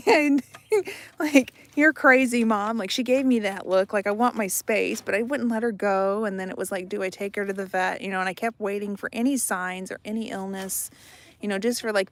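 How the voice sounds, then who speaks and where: A middle-aged woman talks casually to her camera while outdoors with her backyard chickens. She is chatty and laughs often. She trails off and repeats her words as she tells stories. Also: medium pitch. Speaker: homesteading vlogger.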